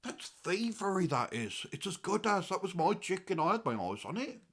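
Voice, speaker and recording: A man's voice: high voice, sing-song, moderate pace, creaky, a bit bright, husky, heavily acted. A man puts on a cranky old English grandad who rambles on and on, his voice leaping up and plunging down as he swings from muttering to outrage. The English accent is broad and chatty, and the tone stays aggrieved and comic throughout. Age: older. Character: grumbling old English grandad, easily riled. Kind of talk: comic character monologue.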